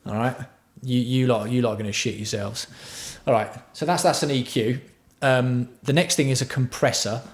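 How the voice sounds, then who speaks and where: A man's voice: medium pitch, steady tone, normal speed. A man hosting a casual livestream tutorial on music production. He chats with his viewers and swears freely. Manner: chatty, swears freely, answers viewer chat.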